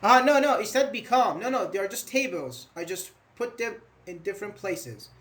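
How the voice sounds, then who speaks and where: A man teaching an online grammar class, explaining slowly with everyday examples, repeating phrases and acting out short quotes. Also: high-pitched, lively intonation, fairly bright tone. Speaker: English teacher.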